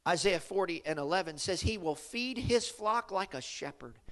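A middle-aged male pastor preaching a sermon, emphatic and rising to shouts of praise. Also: sits high.

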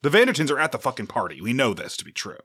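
A man's voice: medium pitch, huge pitch swings, very fast, pushed and bright, breathy edge, dry recording, clean studio sound. A man co-hosting a podcast, chatting casually in loose, jokey, profane banter. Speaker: podcast co-host. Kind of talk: casual chat.

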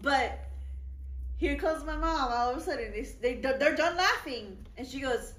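A young woman podcast co-host telling a story in a loud, profane, laughing way, casually chatting. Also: high-pitched, normal speed. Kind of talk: casual chat. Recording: echoey room, mic at a distance.

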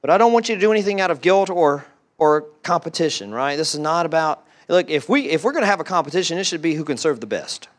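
Male pastor, lively sermon delivery, slightly high voice, repeats phrases for effect. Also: fast. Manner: animated, repeats words, voices excited quotes.

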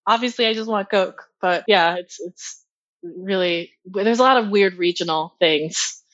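A woman's voice: fairly low pitch, unhurried, a bit bright, no room sound, muffled recording. A woman in casual chat, talking loosely with fillers and laughs. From United States. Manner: chatty, laughing, many fillers.

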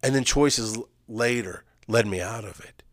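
A man telling an emotional personal story, swinging from loud, urgent emphasis to hushed, halting recall. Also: mid-range voice, dry recording, clean studio sound. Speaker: speaker sharing personal story.

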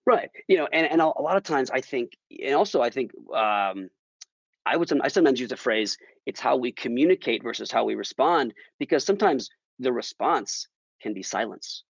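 A man's voice: medium pitch, expressive, a little fast, vocal fry, no room sound. Thoughtful man guest, muffled podcast audio. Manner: thoughtful, emphatic, frequent restarts. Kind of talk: casual conversational interview.

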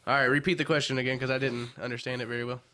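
A man's voice: mid-range voice, flat delivery, very fast, bright, forceful tone. A man playing along in a casual online quiz, joking, swearing and laughing a lot. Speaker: quiz contestant.

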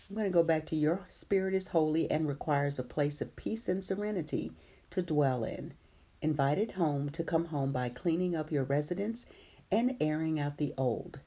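A woman's voice: sits low, warm tone, breathy edge. A woman hosting a live meditation stream, talking casually and reacting to viewers' comments with easy laughter.

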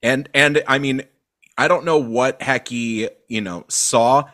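A man in casual conversation on a football podcast, loose and animated with plenty of fillers. His voice sits at an everyday middle pitch. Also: slow. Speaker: podcast co-host.

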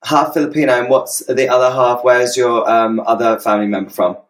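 A man's voice: mid-range voice, fairly even intonation, a little fast. A British man hosting a casual podcast interview, bubbly and effusive, often restarting his sentences. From United Kingdom. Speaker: podcast host.

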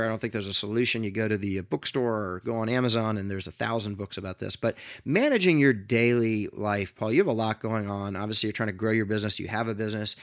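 Earnest man, low voice, dry sound. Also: dry recording. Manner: earnest, animated storyteller with frequent restarts. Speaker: podcast host. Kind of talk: casual interview storytelling.

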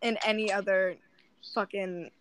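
A woman's voice: medium pitch, steady tone, a little slow, very noisy. A young woman co-hosting a podcast, telling a dating story in casual chat, swearing often and acting out both sides of the dialogue. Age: young adult. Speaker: podcast co-host.

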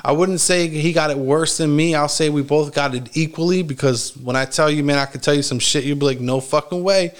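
A man telling a long story from his childhood in a casual, rambling way, swearing often and filling pauses with "like" and "you know". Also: on the high side, clean tone. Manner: rambling, heavy swearing, frequent fillers and laughs.

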